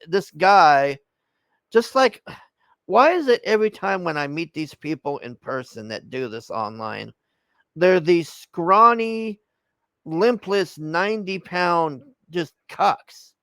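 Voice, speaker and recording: A man's voice: a little high, a bit bright, no room sound. A man telling an angry story in a heated, profane rant, tagging his lines with "man". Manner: heated, swears constantly, tags lines with "man".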